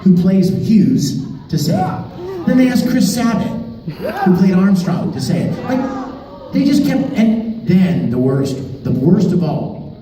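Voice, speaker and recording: A man telling stories to fans as a convention panel guest, animated and laughing as he talks. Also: high voice, slow pace, faint music behind. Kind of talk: storytelling to a live audience. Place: large convention hall. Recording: echoey hall, far mic, crowd noise.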